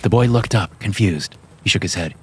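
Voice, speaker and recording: Deep-voiced man narrating a horror story. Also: slight background noise. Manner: measured and steady.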